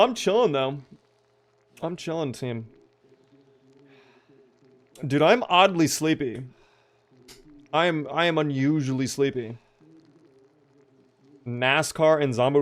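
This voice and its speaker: A young man with a smooth, resonant voice talks loosely through a live gameplay stream. He chats with his viewers and reacts to what happens on screen in an easygoing way, at a middling pitch. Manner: chatty, talks to chat and reacts to the game. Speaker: game streamer.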